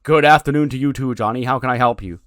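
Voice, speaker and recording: A man's voice: medium pitch, fast talker, a bit bright, clear, resonant tone, no echo, clean studio sound, close to an everyday voice. A man voicing a formal male authority figure, patient and slightly sarcastic.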